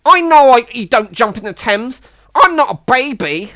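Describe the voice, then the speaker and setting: A man voicing a rowdy, erratic, boastful drunk in a raised, excited voice. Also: extremely high pitch, normal speed, pitched above the performer's own voice, exaggerated voice.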